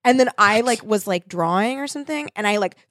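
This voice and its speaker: A woman co-hosting a podcast, telling rambling personal stories with many restarts and sudden shouted punchlines. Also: mid-range voice, animated, fairly quick, heavy background noise. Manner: rambling, self-interrupting, bursts into shouting when telling stories. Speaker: podcast co-host. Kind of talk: casual chat, storytelling.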